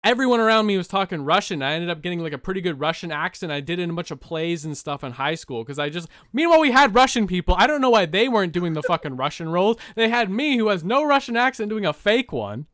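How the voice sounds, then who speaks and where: A young man from Canada hosting a podcast over a call, talking in a rapid, rambling way and swearing casually. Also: high-pitched, expressive, fairly bright tone, dry recording, studio quality. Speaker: podcast host.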